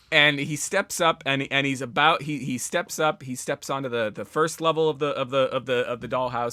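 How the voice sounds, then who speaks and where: A man co-hosting a casual comedy podcast, telling a rambling story with halting restarts. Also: mid-range voice, bright, forceful tone, dry recording. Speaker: podcast co-host.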